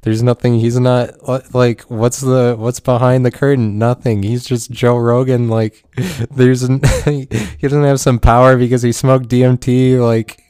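A man's voice: medium pitch, little pitch movement, unhurried, a little mellow, clean tone, dry recording, studio quality. A man hosting a solo podcast, rambling and self-mocking, swearing and laughing as he talks. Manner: swears a lot. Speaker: podcast host.

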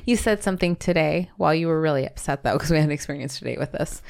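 A woman's voice: sits low, fast, vocal fry, darkish tone. A woman from Minnesota co-hosting a podcast, chatting casually in a playful, teasing way and laughing often. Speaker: podcast co-host. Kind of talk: casual chat.

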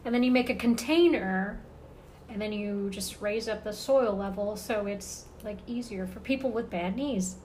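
A young woman guest on a podcast, talking in a relaxed, rambling way, full of fillers. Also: medium pitch, moderate pace, slight background noise. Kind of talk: casual podcast chat.

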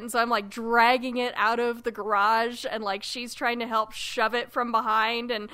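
A woman co-hosting a relaxed podcast, her voice bright, smooth and set a little high. She laughs a lot and tells stories with animated energy. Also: normal speed, hardly any pauses. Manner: giggly, animated storyteller. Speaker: podcast co-host; parent. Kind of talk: casual chat.

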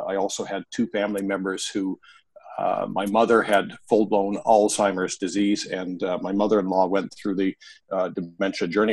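A middle-aged man from Canada, a dementia care trainer chatting as a guest on a podcast in a relaxed, drawling way with many pauses. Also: fairly low pitch, husky. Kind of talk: casual podcast chat.

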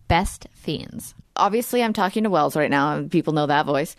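A woman's voice: low-pitched, expressive, moderate pace, few pauses, no echo, studio quality. A woman in her thirties hosting a podcast, chatting casually and laughing often. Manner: chatty, laughs often, reads ad copy smoothly. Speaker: podcast host. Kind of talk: casual chat. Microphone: studio microphone.

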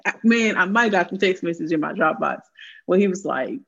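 A woman's voice: fairly low pitch, fairly quick, vocal fry, slightly rough. A woman telling a story in casual chat, swearing freely and laughing often. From American South. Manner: profane, animated, laughing often. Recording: dull lo-fi sound.

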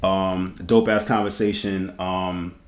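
A man hosting a podcast, telling stories in lively casual chat with slang, swearing and laughter. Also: low voice, takes it slowly. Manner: animated storytelling, laughing, heavy slang and swearing. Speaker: podcast host. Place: podcast studio. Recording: echoey room.

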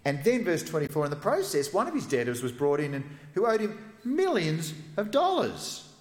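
A man preaching a sermon as a pastor, retelling a story with lively, animated delivery. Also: on the high side, normal speed. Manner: animated storytelling, acts out quoted characters. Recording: echoey hall.

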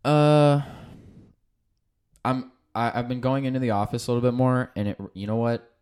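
A man's voice: mid-range voice, normal speed, a little mellow, clean tone. Young man, podcast host, casual chat, rambling, profane. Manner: rambling, profane, frequent restarts.

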